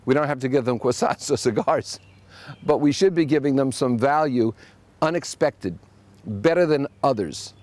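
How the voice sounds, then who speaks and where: A man hosting a solo podcast, telling wry anecdotes with animated asides. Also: medium pitch, moderate pace, dry recording. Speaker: podcast host.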